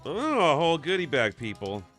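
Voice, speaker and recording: Animated bright-voiced man hosting a stream. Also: on the high side, moderate pace, faint music behind. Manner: upbeat, reads viewer chat aloud. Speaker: live stream host. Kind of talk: casual live-stream chat.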